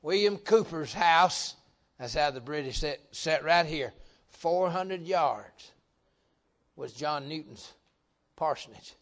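Folksy preacher, joking and emphatic. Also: male voice, a little high, slow, fairly bright tone. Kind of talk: folksy revival sermon.

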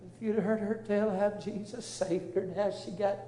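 A man's voice: sits high, fairly even intonation, normal speed, mellow, a little hiss or hum. A man, a preacher telling an earnest, emotional testimony story. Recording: roomy echo.

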